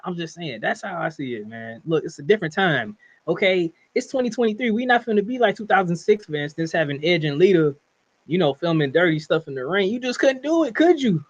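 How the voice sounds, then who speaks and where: A man's voice: sits high, sing-song, a little fast. A man co-hosting a podcast who argues his point emphatically in casual slang. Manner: emphatic, opinionated, slangy, laughs often. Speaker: podcast co-host. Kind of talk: casual wrestling podcast chat. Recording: dull, lo-fi sound.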